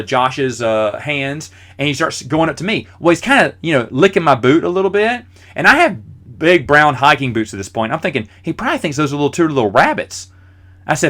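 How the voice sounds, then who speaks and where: A man's voice: on the high side, a bit bright. A man in his forties hosting a podcast, telling rambling, self-deprecating stories with lots of fillers. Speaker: podcast host. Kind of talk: casual storytelling.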